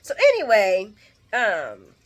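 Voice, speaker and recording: A woman casually recapping a soap opera episode, animated, acting out the characters' lines and often laughing. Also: medium pitch, takes it slowly.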